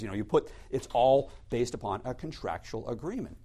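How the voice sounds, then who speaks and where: A man teaches an adult church class in a loose, conversational way. His pitch swings widely as he tells stories and asks the class rhetorical questions. He sits at a middle pitch for a man. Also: big pitch swings, fairly quick, few pauses, dark tone. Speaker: adult Sunday school teacher.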